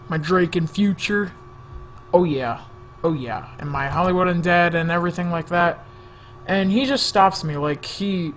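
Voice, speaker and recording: A man's voice: high-pitched, a bit bright, slight background noise. A man telling a rambling, jokey story-time vlog into a desk microphone, often sidetracking himself. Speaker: vlogger.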